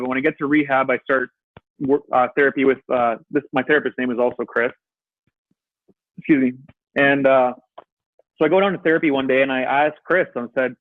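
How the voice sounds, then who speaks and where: A man telling his story as an interview guest, animated and swearing freely, acting out his own past words. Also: mid-range voice, normal speed, pauses often, no echo. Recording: tinny phone-like line.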